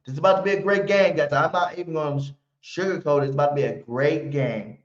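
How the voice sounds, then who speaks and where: A man with a fairly high voice talks fast while hosting a live fan pregame sports stream, throwing out brash, slangy trash talk with heavy emphasis. The home stream audio is roomy and muffled.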